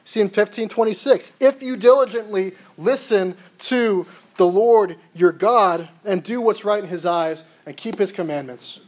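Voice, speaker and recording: Guy with a high voice preaching, reads bible verses then asks questions and answers them himself. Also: unhurried, few pauses, a little mellow, low-quality recording. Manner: reads verses aloud between plain explanation. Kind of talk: expository sermon reading scripture.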